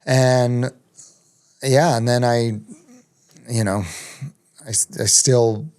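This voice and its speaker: A man's voice: medium pitch, fairly even intonation, slow, a little mellow, clear, resonant tone. A middle-aged man telling a long story as a podcast guest, rambling with many ums and restarts. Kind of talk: casual storytelling.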